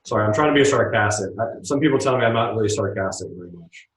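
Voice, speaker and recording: A man's voice: lowish voice, expressive, fast talker, echoey room, distant mic, low-quality recording. A man hosting a stock trading show, chatting casually and joking as he answers viewer questions. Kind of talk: casual livestream market commentary.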